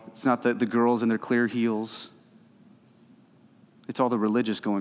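A man's voice: mid-range voice, normal speed, long pauses. Male pastor preaching in a hall. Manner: animated, emphatic preaching that swings loud and soft. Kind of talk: sermon. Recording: reverberant hall.

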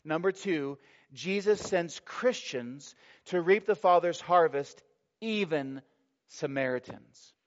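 A male pastor preaches a sermon in a slightly high-pitched voice, leaning on key words for emphasis and slowing down when reading scripture. The recording has a dull, lo-fi sound.

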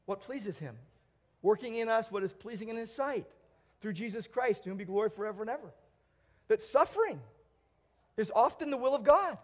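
A man preaching a sermon in a church, earnest, swinging between emphatic declarations and hushed, quiet stretches. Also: high voice, animated, fairly quick, long pauses. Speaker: pastor.

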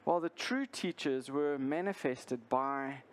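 A pastor reading scripture, praying and preaching a sermon in an earnest way, with restarts and fillers. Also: male voice, medium pitch, takes it slowly.

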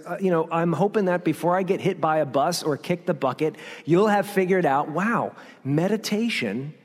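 A man preaching from the pulpit in a slightly higher-than-usual voice, driving his points home with repeated refrains and rhetorical questions. His voice rings out with a long reverb, as in a large church sanctuary. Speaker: pastor. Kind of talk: sermon.

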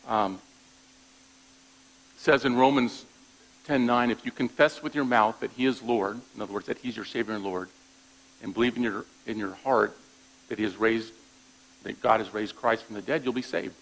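A man's voice: mid-range voice, steady tone, moderate pace, pauses often, poor audio. A man preaching a sermon in a conversational way, often checking in with his listeners and restarting phrases as he goes. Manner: conversational preaching with frequent "all right?" check-ins; repeats words when restarting thoughts. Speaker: pastor.

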